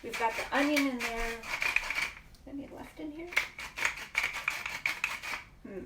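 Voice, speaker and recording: A woman's voice: high voice, slow, reverberant, far from the mic, very noisy. A woman hosting a casual live cooking demo in a home kitchen, chatting and explaining as she works, often stopping mid-sentence. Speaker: cooking show host.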